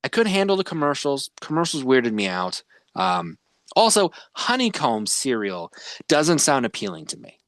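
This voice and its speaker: A man's voice: mid-range voice, sing-song, moderate pace, fairly bright tone, no room sound, clean studio sound. A man hosting a podcast, chatting casually and rambling with many fillers. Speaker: podcast host. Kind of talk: casual chat.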